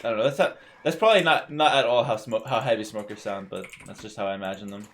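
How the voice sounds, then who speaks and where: A young man from South Carolina streaming a game, talking casually with viewers in a relaxed, rambling way and often repeating words. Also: mid-range voice, fairly quick, slight background noise. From South Carolina, USA. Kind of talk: casual live-stream chat.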